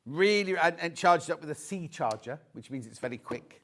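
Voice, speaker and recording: A man's voice: a little high, expressive, normal speed, a bit bright. A man presenting on a live shopping channel, chatty and rambling with joking asides.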